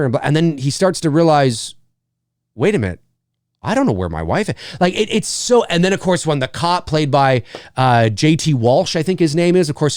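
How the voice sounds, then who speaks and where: Male host, casual rambling chat, slightly high voice, dead-dry room. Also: no echo. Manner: rambling, restarts often, acts out movie lines. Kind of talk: casual solo movie talk. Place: home room with lights and cameras.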